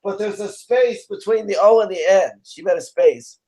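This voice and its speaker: A man's voice: high-pitched, normal speed, warm tone. A man with a scratchy voice hosting a casual live stream, reading viewer comments aloud and rambling through stories. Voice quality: scratchy, just-woke-up voice.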